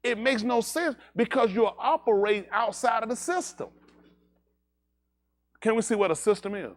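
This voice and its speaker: A man's voice: high-pitched, moderate pace. Emphatic man preaching a teaching sermon. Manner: emphatic, asks the room many rhetorical questions. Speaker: teacher leading a congregation. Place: synagogue service.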